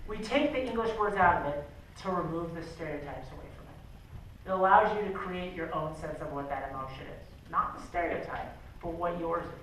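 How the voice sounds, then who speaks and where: In a school drama room with a hardwood floor, a man teaches a drama class, coaching students through an exercise with plenty of energy and fillers. His voice is on the high side and a bit bright, at normal speed. The room is very echoey, he's far from the mic, and there's a little hiss or hum.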